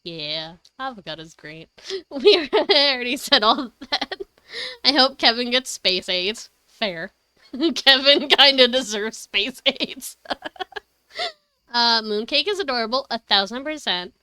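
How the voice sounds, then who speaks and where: A high-voiced woman streamer rambles excitedly in casual chat and swears freely. Her voice is bright and clear, and the room sound is dry with no echo. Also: measured pace. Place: her home.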